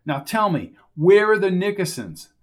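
This audiobook character voice comes from a man speaking on the high side, naturally and at a moderate pace. He portrays a determined investigator, a man who talks bluntly and impatiently, with an exasperated, insistent edge.

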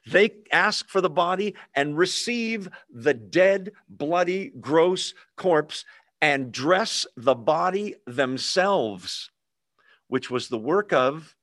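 A man teaching a sermon in a conversational, animated way, asking listeners questions and acting out quoted voices. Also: mid-range voice, dry recording, clean studio sound. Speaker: pastor.

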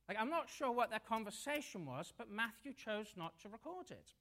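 A preacher giving a sermon, retelling the scene as a lively story and slipping in light jokes. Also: medium pitch, moderate pace, hardly any pauses.

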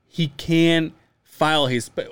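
A man's voice: fairly high pitch, slow, clear, resonant tone, no echo. A man in his thirties, originally from Mexico, co-hosting a casual podcast and telling profane stories about his father, acting out the dialogue. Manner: profane, animated storytelling, acts out quotes. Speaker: podcast co-host.

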